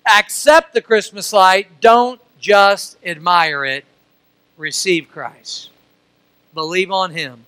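A man's voice: high voice, slow pace, bright, forceful tone, clean tone, no room sound. A middle-aged male pastor delivering a sermon, folksy storytelling that builds to emphatic preaching.

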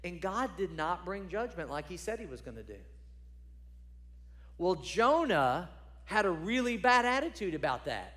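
A man's voice: high-pitched, big pitch swings, moderate pace, fairly bright tone, in a large hall. A man preaching a sermon as a pastor, conversational and emphatic, repeating phrases for stress.

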